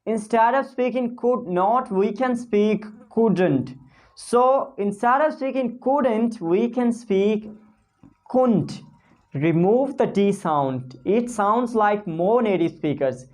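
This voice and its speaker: A woman teaching spoken English pronunciation, talking casually to camera and slowly repeating model phrases for learners to copy. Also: mid-range voice, lively intonation, a little mellow. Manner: many fillers and restarts, non-native phrasing.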